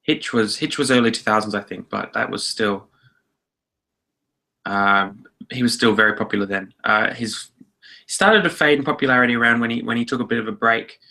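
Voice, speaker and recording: A man's voice: medium pitch, a little fast, vocal fry, sharp tone. An Australian man co-hosting a film podcast, rambling casually with hedges and dry jokes. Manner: rambling, hedging, dry joking. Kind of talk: casual chat.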